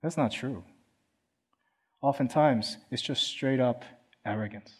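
A man's voice: medium pitch, takes it slowly, husky. A man from Philadelphia preaching a sermon in church, earnest and conversational, often acting out quoted voices. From Philadelphia, USA. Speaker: pastor.

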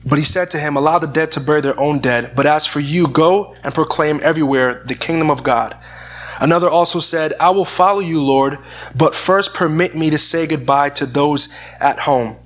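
A man's voice: fairly high pitch, normal speed, a bit bright. A man preaching a sermon and reading scripture aloud, earnest in tone, often repeating words as he searches for the phrasing. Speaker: pastor.

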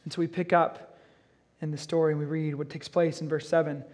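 Male pastor, high-pitched voice, laid-back preaching style with chatty asides between scripture readings. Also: little pitch movement, fairly quick, a little mellow. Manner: casual, conversational asides mixed with reading scripture. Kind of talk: expository sermon.

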